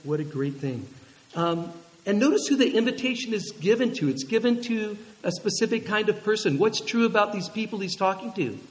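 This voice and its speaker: Animated high-voiced preacher in a reverberant hall. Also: male voice, brisk. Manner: lively, animated storytelling with audience questions. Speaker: pastor. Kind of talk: sermon.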